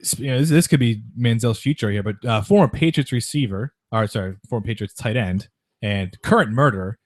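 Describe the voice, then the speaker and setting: A man's voice: medium pitch, no echo. A man hosting a sports podcast, chatting casually about sports news in a rambling way, with lots of restarts. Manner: rapid, rambling, with frequent restarts and mocking quoted voices.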